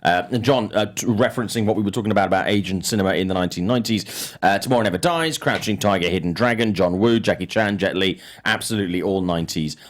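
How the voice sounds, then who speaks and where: A man's voice: fairly low pitch, fast, hardly any pauses. A British man hosting a casual panel chat about film news, rambling with lots of fillers. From United Kingdom. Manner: animated, rambling with many fillers. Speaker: podcast host.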